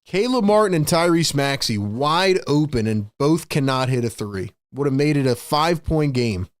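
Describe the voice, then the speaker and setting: A man hosting a fan livestream, calling play-by-play in excitable, frustrated, slangy talk. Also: fairly high pitch, normal speed, no echo, studio quality. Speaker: host and play-by-play commentator.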